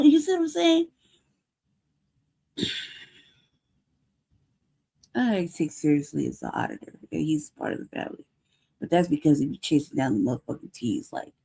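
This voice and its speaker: An American woman hosts her show in a heated, profane rant. She repeats herself and swears freely, and her voice sits a little low with a dark, mellow tone. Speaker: show host. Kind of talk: ranting commentary.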